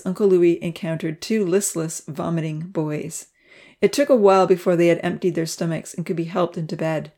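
Mellow-voiced woman reading a storybook. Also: lowish voice. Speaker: audiobook narrator. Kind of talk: scripted storybook narration.

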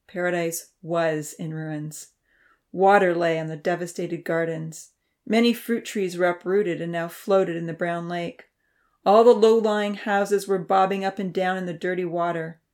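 A woman reading a children's novel aloud in a steady, measured narration. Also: on the low side. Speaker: audiobook narrator. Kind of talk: storybook narration.

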